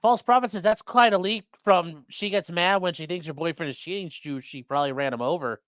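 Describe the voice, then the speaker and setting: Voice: mid-range voice, a little fast, dry recording, clean studio sound. A live-stream host chatting casually at home, reading viewer comments aloud, swearing freely, rambling, and soothing a dog between remarks. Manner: animated, profane, rambling, talks to chat and dog. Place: at home indoors.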